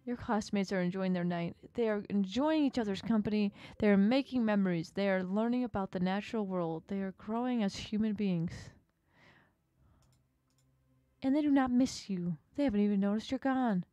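A cruel, mocking sea monster from a video game gloats over its prey, as a woman reads its lines aloud. The voice sits at an ordinary middle pitch, slow and taunting, and the sound is close and dry with no room around it. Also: mellow, no room sound, lightly acted. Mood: gloating. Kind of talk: reading a game's dialogue aloud.

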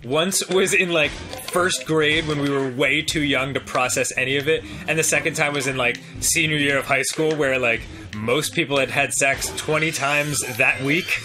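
A man's voice: a little high, fairly even intonation, moderate pace, over music. A young man co-hosting a casual let's play, joking and acting out little voices between laughs. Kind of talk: casual gaming commentary.

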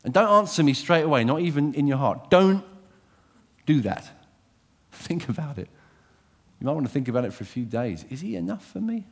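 A man preaching a sermon, animated and direct, asking his listeners questions and swinging from loud emphasis to quiet intensity. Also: fairly high pitch, a little fast, vocal fry.

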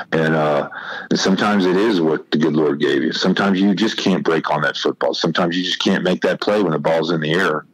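Folksy man in his fifties, very low voice, easygoing storyteller. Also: rough recording. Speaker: podcast guest, former college football player. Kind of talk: casual storytelling.

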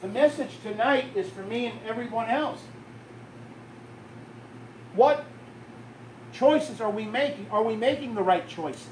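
High-voiced pastor preaching in a roomy church. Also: male voice, lively intonation, unhurried, long pauses, slight background noise. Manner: storytelling preacher, rising and falling in intensity. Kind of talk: sermon. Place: church sanctuary. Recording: roomy, distant church recording.

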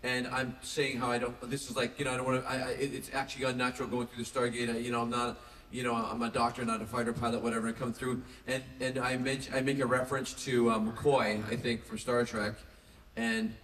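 A man's voice: mid-range voice, quick pace. A man on a convention panel, telling stories and chuckling. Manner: animated storyteller, chuckling. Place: large convention hall. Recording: echoey hall, distant mic, some noise.

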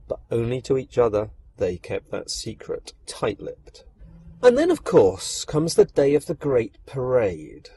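A man narrating a dark fairy tale, expressive and speaking directly to the listener. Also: medium pitch, measured pace, a little hiss or hum. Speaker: storyteller. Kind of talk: dramatic storytelling narration.

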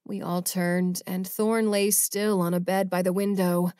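A woman's voice: fairly low pitch, flat delivery, a little slow, few pauses, warm tone, dry recording. Woman narrating an audiobook, dry close sound. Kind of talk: first-person audiobook narration.

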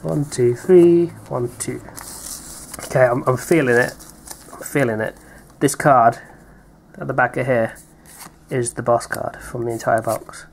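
A man's voice: medium pitch, steady tone, normal speed, pauses often. A British man chatting playfully while opening card packs, reading out names with little laughs. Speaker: card pack opener, co-host. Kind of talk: casual unboxing chat.

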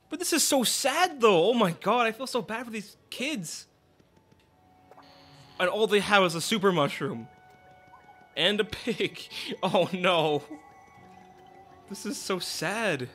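A woman hosting a casual let's play, chatty and expressive as she reacts to the game. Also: medium pitch, normal speed. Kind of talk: casual gameplay commentary.

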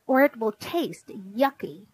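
A bossy little girl, put on by a woman reading aloud, who insists and complains in a high voice that swings up and down. She talks slowly and deliberately. The sound is close and dry. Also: lively intonation, a little mellow, husky, no echo, exaggerated voice, low-quality recording.

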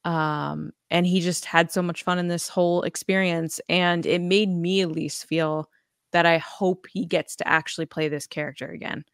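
A woman's voice: fairly low pitch, fairly even intonation, moderate pace, clean tone, no room sound, studio quality. Chatty woman podcast co-host. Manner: chatty, laughs often, many ums. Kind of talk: casual chat.

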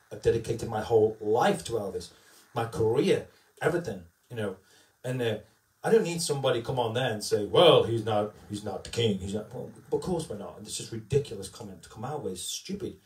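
Speaking at medium pitch with a darkish tone, this man talks briskly and with lively intonation. He's a tribute singer chatting casually on a live stream, telling stories and ending his lines with "right?" The room is echoey and the mic sits at a distance.

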